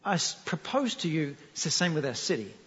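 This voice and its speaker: High-voiced New Zealand preacher in an echoey hall. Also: male voice, brisk. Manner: animated, jokey, asks the audience questions. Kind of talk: sermon storytelling. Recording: echoey hall, dull lo-fi sound.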